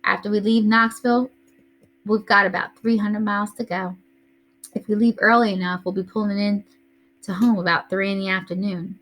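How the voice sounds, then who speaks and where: A woman's voice: medium pitch, steady tone, normal speed, a bit bright. Woman reading as a tidy planner mom. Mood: businesslike. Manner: orderly, listing plans step by step. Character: organized mother reading out a trip plan. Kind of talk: reading a novel aloud to a class.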